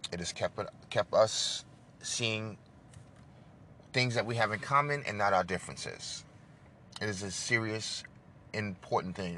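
A man hosts his own show and rants about sports with real passion. His voice sits low, yet it comes across bright and forceful. He swings between loud bursts and quiet, hushed asides. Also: slight background noise. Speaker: show host. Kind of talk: ranting sports monologue.

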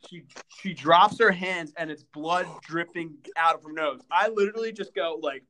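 Young male podcast co-host, higher voice, animated casual storyteller. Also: moderate pace. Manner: animated, lots of fillers and stutters.

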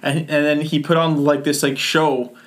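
A man's voice: on the high side, little pitch movement, normal speed. A young man co-hosting a podcast, telling school stories in a rambling way, full of fillers, swearing and laughter. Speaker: podcast co-host. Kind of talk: casual chat.

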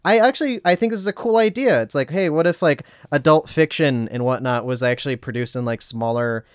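A man's voice: fairly high pitch, brisk, clean tone, dry recording, studio quality. A man co-hosting a casual book podcast, rambling with many fillers and restarts. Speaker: podcast co-host. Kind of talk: casual chat.

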